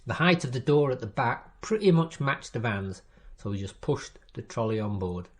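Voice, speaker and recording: A man narrating a first-person crime story in a measured, wry reading style. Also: medium pitch, animated. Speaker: story reader.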